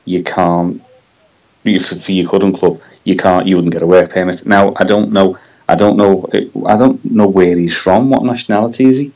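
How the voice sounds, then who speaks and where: A man's voice: low-pitched, fairly even intonation, moderate pace, a little mellow, lo-fi sound. A man with a Scouse accent, co-hosting a casual football podcast, hesitant and full of tag questions. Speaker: podcast co-host.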